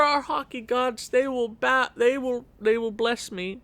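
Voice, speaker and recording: A man's voice: very high voice, a little slow, few pauses, fairly bright tone, clear, resonant tone, no echo. A young man giving casual gameplay commentary as a video creator, ranting in exasperation at the game with sighs and rueful laughs.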